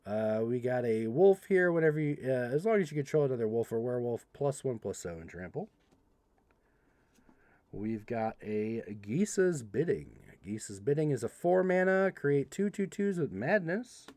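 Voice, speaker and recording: A young man hosting a livestream, casually reading card text aloud and joking with chat in an animated way. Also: mid-range voice, no echo. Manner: animated, reads card text quickly, playful asides to chat. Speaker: livestream host opening card packs.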